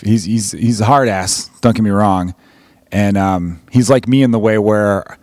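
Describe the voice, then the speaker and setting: A man's voice: lowish voice, a little mellow, no room sound. Chicago man hosting a podcast: loose, profane, joking, recorded dry and close. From United States. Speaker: podcast host. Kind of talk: casual podcast chat.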